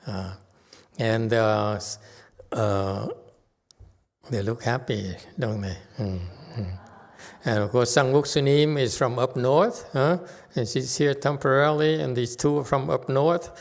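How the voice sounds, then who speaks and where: A male Buddhist teacher speaks slowly and haltingly, filling pauses with soft uhs and little chuckles. His mid-pitched voice carries a long reverb from the temple hall around him. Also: gravelly. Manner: halting, many fillers, chuckles to himself. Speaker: Buddhist teacher giving a Dharma talk. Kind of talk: informal Dharma talk narrating slides.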